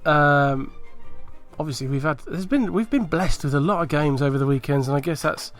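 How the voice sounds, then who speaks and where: A man hosting a casual sports podcast, running through predictions with a brisk, teasing manner. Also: a little high, fairly bright tone, soft background music. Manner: brisk, teasing, runs the segment. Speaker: podcast host.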